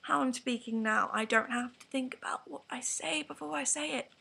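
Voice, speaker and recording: A woman's voice: high voice, moderate pace, vocal fry, pushed and bright, husky. A teenage girl with an English accent, ranting frankly to camera in a rambling vlog with whispered asides. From England. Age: teens. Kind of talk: candid vlog rant to camera.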